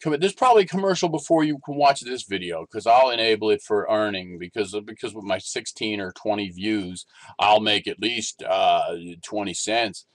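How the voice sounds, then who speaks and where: A man ranting in a casual vlog, animated and rambling, with restarts and exasperated complaints. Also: lowish voice, normal speed, dry recording. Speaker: vlogger.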